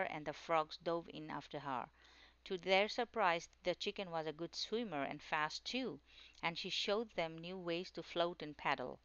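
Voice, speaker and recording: A woman tells a children's storybook tale in a gentle, steady way. Her voice is low, clean and smooth, and the recording is dry and close, with a slightly muffled, lo-fi sound. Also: dry recording. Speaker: narrator.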